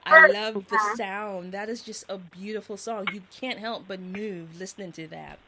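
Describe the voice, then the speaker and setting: A woman's voice: mid-range voice, fairly even intonation, normal speed, a crowd in the background. A woman hosting a show, chatting in an enthusiastic, gushing way. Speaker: show host. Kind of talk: casual interview chat.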